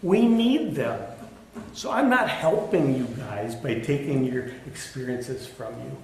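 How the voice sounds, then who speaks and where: Unhurried and creaky, this middle-aged pastor's medium-pitched voice swings widely in pitch as he preaches. He shares a candid personal story, poking fun at himself, in an echoey church sanctuary with faint background noise.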